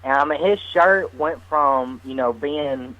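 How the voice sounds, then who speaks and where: Casual storytelling guy, animated and giggly, radio audio a bit muffled. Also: a little high, unhurried. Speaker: guest medium's partner.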